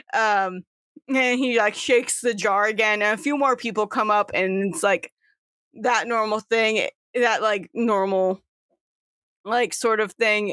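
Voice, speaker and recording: A woman's voice: medium pitch, fairly bright tone, no room sound, clean studio sound. A woman running a tabletop game as game master, narrating casually and teasing her players with frequent laughs.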